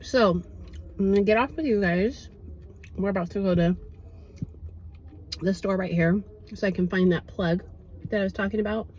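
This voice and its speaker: A woman's voice: medium pitch, normal speed, long pauses, a little mellow, slight background noise, low-quality recording. A woman vlogging in a casual, rambling way, with lots of fillers. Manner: chatty, rambling, many fillers. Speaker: fitness vlogger. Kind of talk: casual vlog chat. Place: outdoors then at home.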